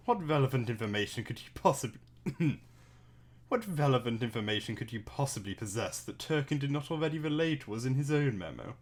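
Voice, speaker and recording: Someone doing a haughty, posh-sounding reader. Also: medium pitch. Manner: haughty, condescending delivery when reading the character. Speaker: co-reader voicing comic characters. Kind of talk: casual read-aloud, posh put-on voice for one character.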